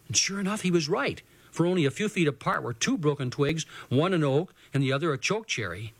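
A man's voice: fairly high pitch, lively intonation, a little fast. A man reading a children's adventure story aloud in a folksy first-person voice, as the show's storyteller.

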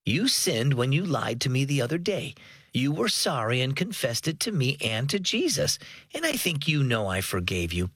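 A man reading a mother's lines in a children's story, husky and soft, pleading a little. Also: rumbling low, big pitch swings, moderate pace, no room sound, clean studio sound, heavily acted. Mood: gentle. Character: caring mother, gentle and apologetic.

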